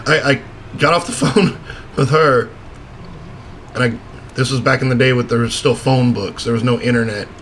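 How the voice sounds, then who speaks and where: Relaxed guy rambling thru a funny story, swears a lot, bit of background hiss. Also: medium pitch, normal speed, long pauses. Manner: laid-back, swears and laughs a lot. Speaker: podcast co-host. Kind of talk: casual storytelling chat.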